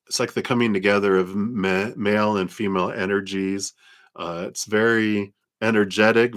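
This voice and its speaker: A man reading tarot cards on a live stream, talking in a gentle, reflective way and laughing often. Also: lowish voice. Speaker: tarot reader.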